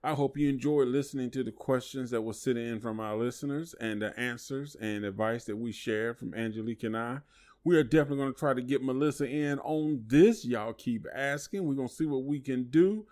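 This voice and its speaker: A man's voice: medium pitch, fairly quick, a little mellow. A man co-hosting a podcast in casual chat, with a dry understated humor. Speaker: podcast co-host.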